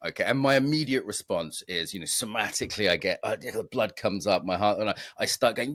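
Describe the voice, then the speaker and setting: A man's voice: on the low side, fairly quick, hardly any pauses, fairly bright tone, dry recording, studio quality. A British man hosting a podcast, asking questions in a joking, self-deprecating way. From Britain. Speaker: podcast host. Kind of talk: casual interview chat.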